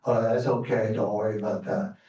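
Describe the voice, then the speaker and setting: A man's voice: fairly low pitch, level tone, a little fast, mellow, dull audio, a little hiss or hum, pitched below the performer's own voice, close to an everyday voice. A man voicing Jack, a kind, simple young man who talks in a plain folksy way. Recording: roomy theater sound from far off.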